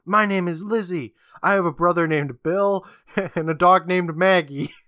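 A man's voice: a little high, lively intonation, measured pace, fairly bright tone, no room sound, clean studio sound. A man voicing a sweet young girl speaking eagerly.

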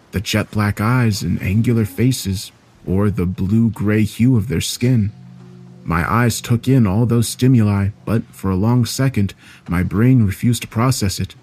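A man's voice: on the low side, a little mellow. A man reading a first-person horror story aloud in a dramatic, scripted narration.

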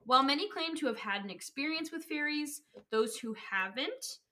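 A woman's voice: high voice, animated, moderate pace, sharp tone. A young woman co-hosting a casual podcast, rambling and giggly with lots of fillers. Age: young adult. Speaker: podcast co-host. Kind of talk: casual chat.

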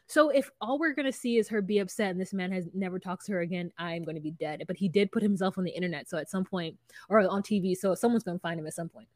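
A woman co-hosting a podcast, recapping a reality show in casual chat, animated and laughing often, acting out quotes in voices. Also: mid-range voice, quick pace, no echo, clean studio sound. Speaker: podcast co-host.

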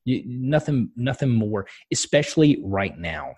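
A man's voice: mid-range voice, sing-song, unhurried, darkish tone, breathy edge. A man co-hosting a podcast in casual chat, blunt and passionate, swearing freely as he tells stories. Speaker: podcast co-host.

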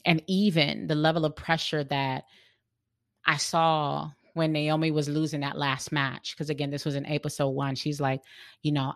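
An earnest podcast host talks through ideas on leadership in a reflective monologue, often circling back and restarting phrases. The voice carries a gravelly, fry-tinged edge. The sound is close and dry, with no room around it. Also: medium pitch, flat delivery, moderate pace, fairly bright tone, no room sound.

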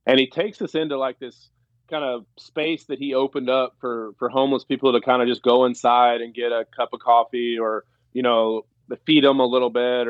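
A man's voice: medium pitch, dry recording. Rambling male guest, dull dry audio. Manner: rambling, many fillers and restarts. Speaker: former pro baseball player, podcast guest. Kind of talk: casual storytelling.

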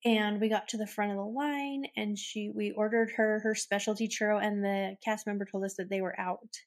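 A woman's voice: medium pitch, steady tone, normal speed. A woman hosting a podcast, telling personal stories in a casual way, choked up and close to tears, laughing through it. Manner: emotional, tearful and laughing while telling stories. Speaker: podcast host. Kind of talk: casual storytelling.

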